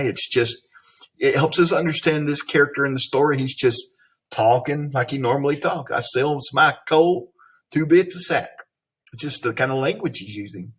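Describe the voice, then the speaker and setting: A Tennessee man with a Southern accent teaches a reading lesson in a folksy manner, explaining things and then asking leading questions. His voice is medium-pitched, a bit bright, and slightly rough.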